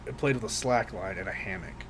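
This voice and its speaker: A man's voice: lowish voice, fairly quick, fairly bright tone, a little hiss or hum. A young man co-hosting a podcast, telling rambling, profane stories in casual chat and laughing often. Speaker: podcast co-host.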